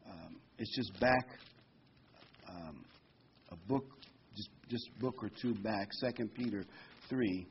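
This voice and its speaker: A man preaching a conversational sermon, reading scripture slowly and with emphasis. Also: lowish voice, background noise. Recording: dull lo-fi recording.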